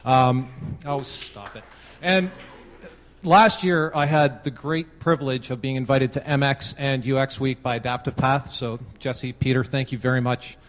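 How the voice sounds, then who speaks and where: A man's voice: mid-range voice, fairly even intonation, unhurried. A Canadian man giving a casual short talk at a conference, telling a joke. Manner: casual, tells a joke with voiced characters. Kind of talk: open-mic talk with a joke. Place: large conference room. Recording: long hall reverb.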